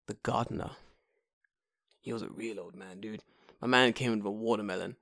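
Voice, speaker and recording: Un hombre joven de Londres con acento londinense, que cuenta anécdotas en una charla informal, con muchas palabrotas y arrebatos de voz fuerte. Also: male voice, lowish voice, a little fast, creaky. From England. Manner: profane, animated storytelling with sudden loud outbursts. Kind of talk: casual chat.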